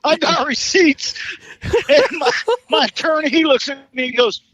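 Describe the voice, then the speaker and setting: A man in his fifties, a caller on a live talk show, telling a profane, animated story with stumbling restarts and laughs. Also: very high voice, moderate pace, no room sound.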